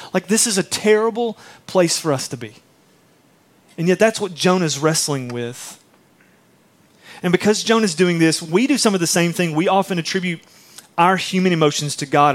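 Animated, conversational male pastor. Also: on the high side, normal speed. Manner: conversational, animated storytelling with acted-out quotes. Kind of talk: sermon.

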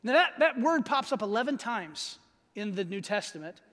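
Very high-voiced man preaching in a hall. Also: big pitch swings, fairly bright tone. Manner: emphatic, slows down to stress key phrases; conversational, asks the audience questions. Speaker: pastor. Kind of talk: sermon. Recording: long reverb of a large hall.

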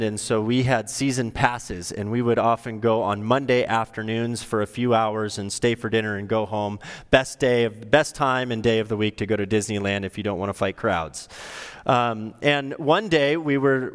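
Pastor preaching in a reverberant hall. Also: male voice, mid-range voice, clean tone. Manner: conversational storytelling with shifting emphasis. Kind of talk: sermon.

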